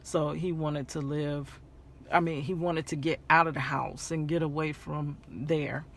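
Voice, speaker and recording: A woman vlogger telling a personal story in a casual storytime way, animated, laughing often and repeating phrases for emphasis. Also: low-pitched, a little slow, creaky, slight background noise.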